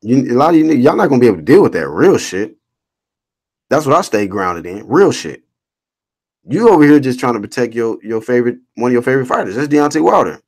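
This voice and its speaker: A husky, quick-paced man with a mid-range voice hosts a relaxed boxing stream. He reads out what chat says, then tears into it with animated, blunt, foul-mouthed slang.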